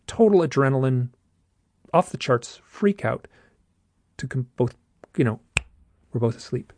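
A man casually recounting a personal experience, halting and restarting often, with a gravelly voice. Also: mid-range voice, warm tone, no echo. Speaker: guest telling his own story. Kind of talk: casual storytelling.

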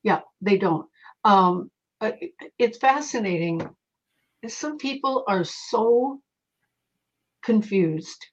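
In an interview, a middle-aged psychic medium tells stories casually and with animation, performing the voices of the people she quotes. Her husky voice sits at medium pitch, moving slowly with frequent pauses. The lo-fi recording sounds slightly dull.

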